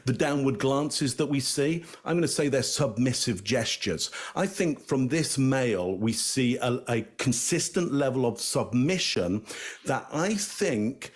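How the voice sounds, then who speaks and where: Guy breaking down body language on a panel, slow and deliberate, lots of uh and around that. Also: mid-range voice, lively intonation, husky. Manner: deliberate, hedging with fillers. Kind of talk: casual panel analysis.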